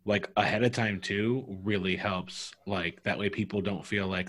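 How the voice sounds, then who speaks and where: A man's voice: lowish voice, steady tone, normal speed, fairly bright tone. Man, game master, casual podcast talk, rambling, lots of fillers. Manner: rambling, heavy use of fillers like "like".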